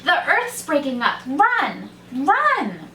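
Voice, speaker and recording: A woman's voice: high voice, sing-song, takes it slowly, slight background noise, voice pushed up, full character voice. A woman doing a frantic little rabbit. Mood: panting alarm. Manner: frantic shouting. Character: panicky foolish little male rabbit. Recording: echoey room, mic far off.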